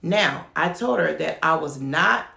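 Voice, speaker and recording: Gravelly, low-voiced woman telling it straight. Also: expressive, a little slow, pushed and bright, roomy sound. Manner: frank, emphatic storytelling. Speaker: home child care provider. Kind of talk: candid talk-to-camera advice.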